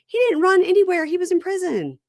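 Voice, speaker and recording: Animated woman recapping with dry sound. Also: fast talker, no room sound. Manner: animated retelling, acts out quotes with sudden high sarcastic jumps. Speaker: podcast host recapping a reality show. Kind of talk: casual chat.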